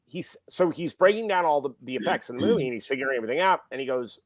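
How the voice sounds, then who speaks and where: Man, middle-aged, film director guest, animated storytelling, dry sound. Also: medium pitch, fast talker, few pauses, dry recording. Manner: animated, acts out quoted people. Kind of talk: casual storytelling.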